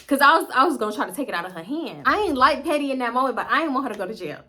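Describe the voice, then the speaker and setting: A young woman recounts a messy night out straight to camera, lively and foul-mouthed. Her voice sits a bit high and rings bright and forceful. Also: racing. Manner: animated, profane, addresses viewers directly. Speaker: storytime vlogger. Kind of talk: casual storytelling to camera.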